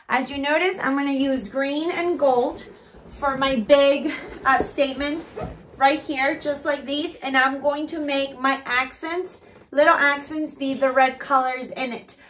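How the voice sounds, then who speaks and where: A woman's voice: sits high, fairly bright tone. A woman giving a DIY tutorial as a balloon decorator, chatting to viewers and gushing over her work. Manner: chatty, keeps addressing viewers as "you guys".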